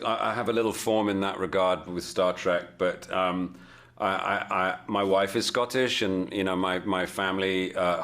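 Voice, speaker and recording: An English man answering interview questions as a film actor, halting and repeating words as he thinks. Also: deep voice, a bit bright.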